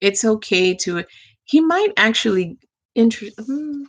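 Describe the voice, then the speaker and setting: Slow-talking woman tarot reader. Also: a little high, sing-song, slightly rough. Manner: slow, drawn-out, talks to the cards and angels. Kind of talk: live tarot reading.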